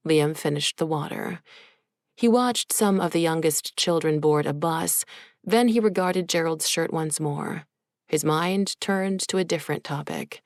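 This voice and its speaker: A woman reading a story aloud as audiobook narrator in an even, measured way. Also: sits low, no room sound, studio quality. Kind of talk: scripted narration.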